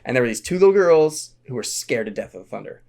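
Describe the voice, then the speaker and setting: A middle-aged man, a podcast guest, telling stories in an animated, casual way and acting out quoted voices. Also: quick pace, creaky. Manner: animated storyteller, acts out quotes in a high voice. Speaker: podcast guest, Renaissance fair founder and educator. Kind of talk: casual storytelling chat.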